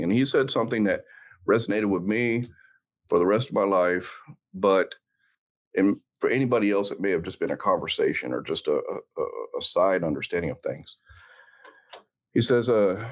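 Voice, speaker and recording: A man, a former police officer, earnestly recounting his past in an interview, halting and reflective with many fillers. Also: deep voice, expressive. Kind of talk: personal storytelling in an interview.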